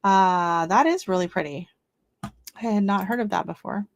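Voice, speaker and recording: A woman's voice: mid-range voice, normal speed, vocal fry, dry recording. A woman hosting a casual gardening livestream, chatting with viewers while reading seed listings aloud and reacting to them. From not from Canada. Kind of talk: casual live-stream chat.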